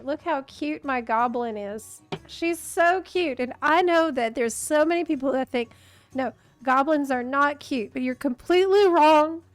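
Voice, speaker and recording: A woman chats casually with her teammates during a game stream. Her voice sits high and she speaks at a relaxed, slow pace. She is playful and giggles often. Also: no echo. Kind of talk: casual chat while gaming.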